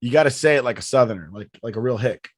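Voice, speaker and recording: A man in a middle pitch, chatting loosely on a podcast, swearing freely and laughing along with his own stories. His voice is recorded up close and dry, with no room sound around it. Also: expressive, quick pace, dry recording. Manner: rambling, profane, laughs often. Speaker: podcast host. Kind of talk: casual podcast chat.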